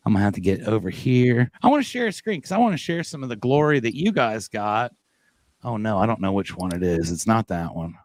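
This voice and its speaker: A man's voice: on the low side, sing-song, a little fast, no room sound. A man hosting a casual company podcast over a video call, upbeat and joking as he hypes up his coworkers. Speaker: podcast host.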